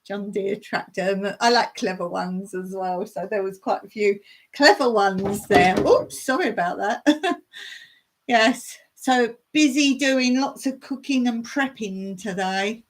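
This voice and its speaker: A woman's voice: mid-range voice, a little slow, a little hiss or hum. A woman hosting a casual live stream from her home in the countryside, chatting in a rambling way and reading viewer comments aloud. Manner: chatty, rambling, reads viewer chat aloud and laughs often.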